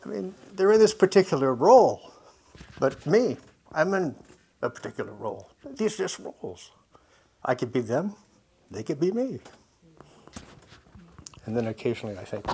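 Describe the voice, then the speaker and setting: Guy telling a story to a group, halting, keeps restarting sentences, soft little laughs, thinking out loud. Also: mid-range voice, very animated, creaky, slight background noise. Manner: halting and self-correcting, with frequent soft laughs; musing and conversational. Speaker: speaker sharing a personal story with a group. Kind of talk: reflective spoken talk with anecdote.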